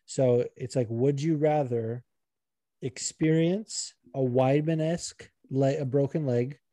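A man co-hosting a casual podcast who rambles along, swears freely and gets animated. His voice is warm and mellow. The recording is dry and close. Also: medium pitch, slow, no echo. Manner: rambling, profane, animated, puts on regional accents. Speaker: podcast co-host. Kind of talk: casual chat.

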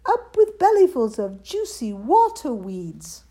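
A woman's voice: fairly high pitch, very animated, takes it slowly, darkish tone, breathy edge, heavily acted. A woman voicing a herd of cheerful duckbill dinosaurs who hoot with delight. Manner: hooting, delighted.

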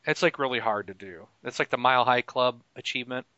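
A man's voice: medium pitch, fast talker, pushed and bright, dry recording. A man hosting a casual gaming podcast, chatty and laughing often. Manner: chatty and laughing, with frequent fillers. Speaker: podcast host. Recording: dry, slightly muffled home mic.

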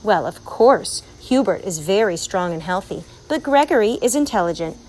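Squealy fretful mom fussing over her kid, high pitched, woman putting it on. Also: animated, moderate pace, a little mellow, lightly acted, poor audio. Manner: fluttery, squealing. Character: fretful overprotective mother, squealing.

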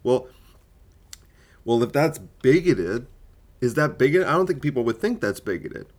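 A man's voice: mid-range voice, very animated, unhurried. A man, a comedian, arguing his point in a solo podcast monologue, full of rhetorical questions and fillers.

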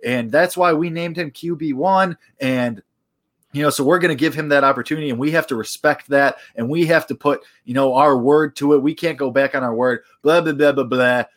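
A man's voice: fairly high pitch, brisk, a bit bright, natural voice. A man putting on a drawling Southern team boss. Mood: placating. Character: folksy Southern male team executive.

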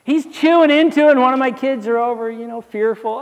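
A man preaching a sermon, animated storytelling with jokes and asides that builds to emphatic exhortation. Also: very high voice, a little fast, vocal fry, long reverb tail. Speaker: pastor.

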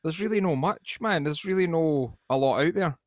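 A man's voice: fairly high pitch, lively intonation, normal speed, no room sound. Easygoing Scottish man with a dry, close sound. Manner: easygoing, musing, hesitant. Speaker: podcast co-host. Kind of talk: casual podcast chat.

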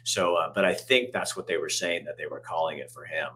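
A man hosting a casual political chat, telling stories in an animated, emphatic way. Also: extremely low pitch, brisk. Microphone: camera on a video call.

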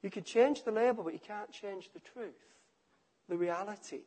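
A man preaching a sermon, emphatic and repetitive, letting his phrases fall quiet at the ends. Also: high-pitched, moderate pace, breathy edge. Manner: emphatic, repeats phrases, drops to quiet endings.

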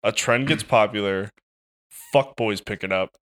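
Low-voiced, swearing male podcast co-host. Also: normal speed, a bit bright. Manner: swears often, loose and joking. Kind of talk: casual chat.

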